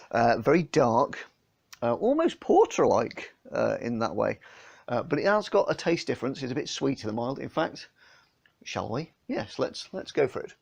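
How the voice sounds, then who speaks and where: A man's voice: medium pitch, vocal fry. A man from England chatting casually through a beer tasting, filmed on his phone, with a homely manner and lots of fillers. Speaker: beer vlogger. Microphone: phone camera.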